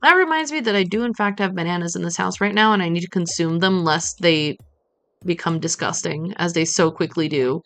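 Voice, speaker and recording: A woman's voice: on the low side, a little fast, fairly bright tone, no echo. A woman streaming a farming game, chatting playfully and muttering to herself as she plays. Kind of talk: casual gameplay commentary.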